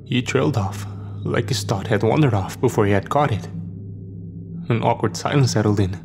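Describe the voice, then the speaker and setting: A man narrating a scripted horror story in a steady, measured way. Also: mid-range voice, gravelly, soft background music.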